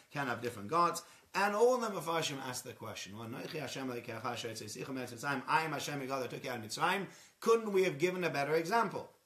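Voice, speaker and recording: A man gives a Torah talk, working through his point with rhetorical questions and Hebrew terms. His voice sits a little high for a man. The sound carries a clear echo from the room. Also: a bit bright. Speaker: Torah teacher. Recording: echoey room.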